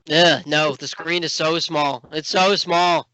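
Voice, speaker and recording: A podcast co-host chatting casually, rambling with lots of fillers and breaking into animated outbursts. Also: medium pitch, takes it slowly, crowd noise. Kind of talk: casual chat. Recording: dry, dull lo-fi sound.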